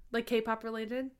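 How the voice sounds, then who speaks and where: A woman's voice: a little high, clear, resonant tone. A woman co-hosting a podcast in casual chat, chatty and laughing often. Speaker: podcast co-host.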